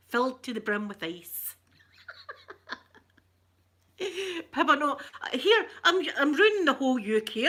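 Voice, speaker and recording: A bright, forceful voice on the high side belongs to a middle-aged woman from Scotland who speaks with a Glaswegian accent. She hangs out casually with her live stream audience, calling out viewers by name and laughing often.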